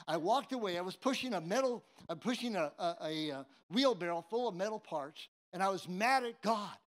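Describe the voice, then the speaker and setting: A man's voice: sits high, lively intonation, fairly quick, few pauses. A man from San Jose, California, preaching a sermon and telling a personal story with humor and many restarts. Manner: humorous, tongue-in-cheek storytelling; conversational, with frequent restarts.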